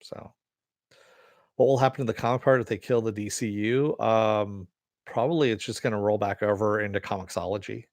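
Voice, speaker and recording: This podcast host talks in a fairly low, darkish voice with a steady tone and a fairly quick pace, with no room sound. He chats casually, reading listener comments and rambling through entertainment news in a laid-back, profane way, laughing often.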